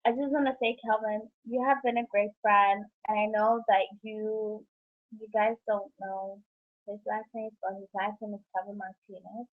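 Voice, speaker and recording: A woman's voice: medium pitch, steady tone, moderate pace. A young woman from New York City telling a heartfelt personal story in a rambling vlog, laughing often between thoughts. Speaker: vlogger. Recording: tinny phone-like recording.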